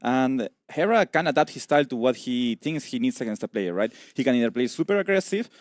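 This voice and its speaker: Quick talking co-caster guy breaking down the players, dry close mic. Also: medium pitch, lively intonation, no echo. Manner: quick analytical talk with fillers. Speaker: esports co-caster. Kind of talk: esports commentary.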